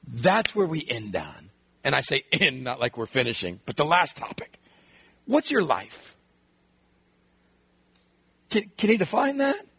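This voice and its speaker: A man preaching a sermon in an animated way, acting out voices and sometimes shouting. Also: a little high, measured pace, long pauses, slightly rough, no echo. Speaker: pastor.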